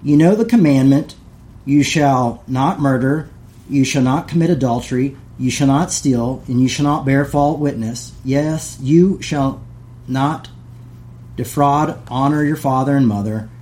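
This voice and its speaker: A man's voice: medium pitch, unhurried, darkish tone, slight background noise. A middle-aged man hosting a casual talk, reading passages aloud and paraphrasing them with many asides.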